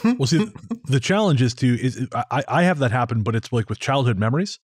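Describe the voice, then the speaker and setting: An American man hosts a podcast, chatting in a casual, wry, rambling way and frequently restarting his sentences. His medium-pitched voice is husky and sing-song, a little fast, recorded clean in a studio with no echo.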